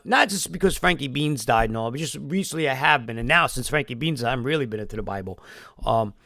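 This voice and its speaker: Gravelly-voiced man, rambling live stream. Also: on the high side, no echo, clean studio sound. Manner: rambling, emotional storytelling with frequent swearing. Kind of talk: casual live-stream monologue.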